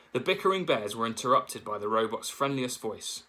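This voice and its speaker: A man's voice: fairly low pitch, moderate pace, sharp tone, slightly rough, poor audio. A man, a teacher, reading a children's novel aloud and stopping to explain words.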